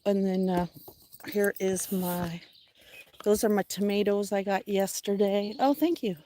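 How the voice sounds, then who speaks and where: A middle-aged woman hosting a casual livestream from outdoors on a wooded ridge, chatting with viewers and her pets, sometimes dropping into soft whispers. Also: medium pitch, completely flat delivery, a little slow. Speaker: livestream host. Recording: noisy outdoor recording.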